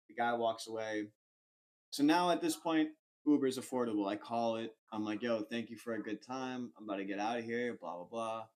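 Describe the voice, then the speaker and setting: A man's voice: medium pitch, brisk. A young man on a casual podcast, telling a rambling, slangy story full of "like". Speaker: podcast co-host.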